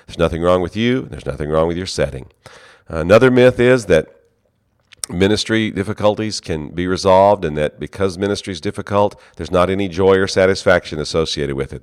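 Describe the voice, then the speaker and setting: A man's voice: sits low, clear, resonant tone, no echo, clean studio sound. A man who leads a seminary, giving an earnest, conversational ministry talk. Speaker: seminary leader.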